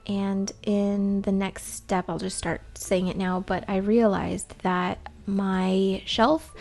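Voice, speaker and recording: A woman's voice: medium pitch, creaky, a little mellow. A woman doing a casual, rambling vlog voice-over in a chatty, self-deprecating way. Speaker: vlogger.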